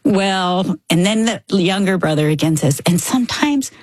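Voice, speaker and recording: A woman, a mother of two sons, telling a family story in a faith-based talk, animated and acting out her children's lines. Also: fairly low pitch, measured pace, dry recording. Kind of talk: storytelling in a podcast conversation.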